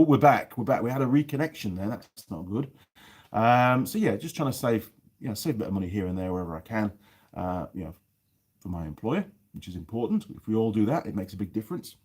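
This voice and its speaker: A man with a softened Yorkshire accent, hosting a casual live stream from a cold workshop, chatting and reading out viewer comments. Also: medium pitch, breathy edge. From North Yorkshire, England. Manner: chatty, rambling, reads viewer comments aloud.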